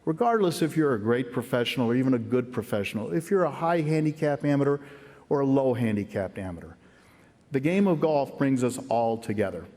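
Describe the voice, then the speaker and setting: A man's voice: mid-range voice, animated, fairly quick, dark tone. Middle-aged man speaking in an echoing hall. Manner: folksy, earnest anecdote telling. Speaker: hall of fame inductee. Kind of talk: acceptance speech with storytelling. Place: large ceremony hall. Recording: long reverb of a big hall.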